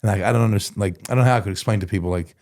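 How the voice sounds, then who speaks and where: Male guest, 40s, lowish voice, rambling, slangy, candid storyteller. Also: steady tone, very fast, darkish tone. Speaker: guest in recovery. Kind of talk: casual conversational storytelling.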